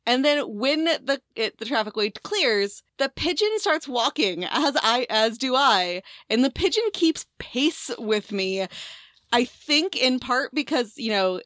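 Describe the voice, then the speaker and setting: Rambling, animated woman telling stories. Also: on the high side, unhurried, dry recording. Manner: rambling, animated storytelling with fillers and swearing. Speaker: podcast co-host. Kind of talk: casual chat.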